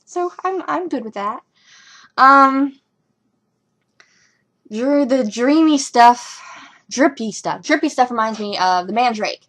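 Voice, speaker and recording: A young woman talking casually as a fan reviewing a TV episode, rambling and excitable with lots of ums and likes. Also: a little high, slow, pauses often. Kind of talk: casual fan reaction commentary.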